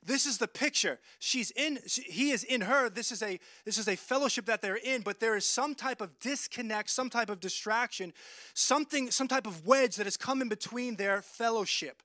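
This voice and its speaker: High-voiced earnest male preacher. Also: normal speed, pushed and bright, no echo. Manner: earnest, repeats words, quotes scripture. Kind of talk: sermon.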